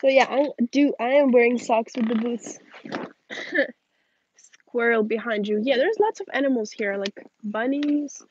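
A young woman, tired and yawning, reading viewer questions aloud and chatting back in a relaxed way on a livestream outdoors. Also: on the high side, unhurried, highs cut off, slight background noise. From Russian-speaking family. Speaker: livestream host. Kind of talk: casual livestream chat reading comments.

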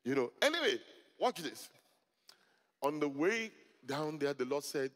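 A middle-aged man, a pastor, preaching a sermon to a congregation, telling stories with humor and rising to loud emphatic peaks. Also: a little high, very animated, a little slow. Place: church hall before a congregation. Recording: long hall reverb.

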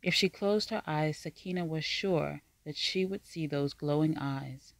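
A narrator reading a fantasy story aloud in a measured, even storytelling manner. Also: medium pitch, creaky, no room sound. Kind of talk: scripted audiobook narration.

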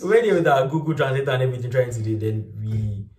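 A man's voice: medium pitch, fast, far from the mic, crowd noise. A young Nigerian man, a Yoruba speaker, telling stories in a casual chat and laughing often. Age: young adult. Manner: animated storytelling, laughs often. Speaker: vlog host. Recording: roomy, a little off-mic.

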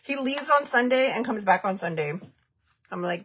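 A woman's voice: a little high, animated, normal speed, a bit bright, breathy edge. A woman in her thirties chatting casually on a makeup livestream, giggling often and reading viewer comments aloud. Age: 30s.

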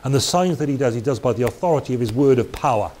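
A man's voice: medium pitch, animated, rapid-fire, darkish tone. A man giving a Bible teaching talk in a conversational way, with chatty asides and restarts. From Wales. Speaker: preacher. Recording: faint hiss.

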